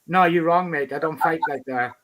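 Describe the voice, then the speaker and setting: A man's voice: fairly high pitch, normal speed, fairly bright tone. A man in a heated, boastful, sweary casual chat on a stream.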